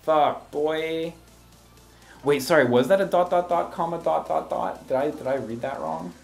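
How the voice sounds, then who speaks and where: A man giving casual game review commentary, sarcastic and exasperated, breaking into animated rants. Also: fairly high pitch, fairly quick, vocal fry, faint music behind.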